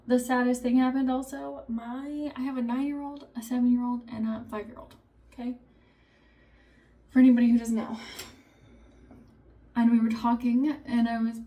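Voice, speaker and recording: A mother of three in her thirties chats casually to the camera, telling family stories and acting out quoted lines with animation. Her voice is fairly high, and the mic sits at a distance.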